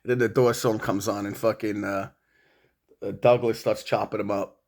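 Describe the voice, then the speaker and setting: A man's voice: fairly low pitch, flat delivery, moderate pace, vocal fry, a little mellow. A middle-aged man rambling at home, swearing and confronting an absent rival in a long monologue. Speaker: vlogger.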